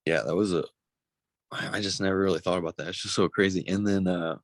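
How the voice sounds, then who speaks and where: A man's voice: low voice, steady tone, fast talker. A young man from Missouri, a pro fighter, talking candidly in an interview, blunt and profane, getting emotional. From Missouri, United States. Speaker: pro MMA fighter, guest.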